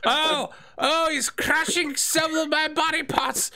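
A man's voice: very high-pitched, flat delivery, takes it slowly, bright, forceful tone, pitched above the performer's own voice, exaggerated voice. A man voicing a frail, panicky old male assistant who whines and pleads in a flustered way. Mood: panicked.

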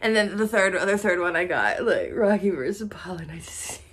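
A woman vlogger chatting casually to camera about her shopping haul, excitable and swearing freely. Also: mid-range voice, a little fast, a little hiss or hum.

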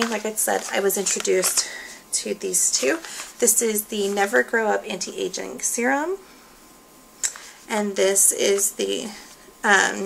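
Woman, casual product reviewer, losing her voice; strong vocal fry, faint background hiss. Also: mid-range voice, poor audio. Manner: chatty, relaxed, with frequent fillers. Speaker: beauty product consultant.

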